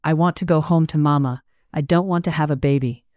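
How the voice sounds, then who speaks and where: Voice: medium pitch, fairly even intonation, a little fast, darkish tone, no room sound, studio quality, natural voice. A narrator voicing a scared, weepy younger sister in an audiobook, sniffling and childlike. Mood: tearful. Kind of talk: audiobook character voice.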